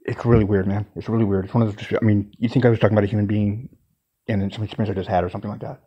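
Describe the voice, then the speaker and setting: A man's voice: on the low side, flat delivery, rapid-fire, warm tone, dull audio. A man telling a personal story casually, in an intense, emphatic way and with some swearing.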